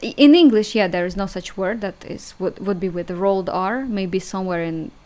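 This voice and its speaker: A young woman with a Russian accent, a native Russian speaker, teaching an online language lesson in a chatty, hesitant way, repeating sounds slowly and laughing at herself. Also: medium pitch, a little mellow.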